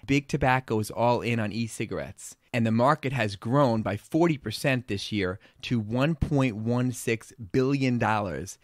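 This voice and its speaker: A man's voice: mid-range voice, a little slow, hardly any pauses, dry recording, clean studio sound. A man with a Long Island accent co-hosting a pediatrics talk show, opinionated and blunt as he talks through health news. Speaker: podcast co-host, pediatrician.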